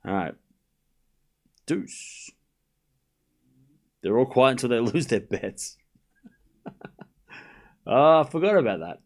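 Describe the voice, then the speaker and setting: Lively Australian man calling tennis. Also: mid-range voice. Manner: quick-tempered, jokey back-and-forth with chat. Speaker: streamer calling a tennis match. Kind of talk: live stream play-by-play and chat banter.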